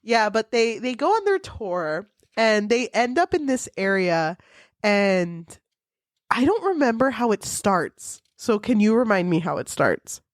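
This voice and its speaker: A woman co-hosting a podcast, chatting playfully about a book with laughs and quick asides. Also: mid-range voice, sing-song, no echo, studio quality. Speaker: podcast co-host. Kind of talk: casual book chat.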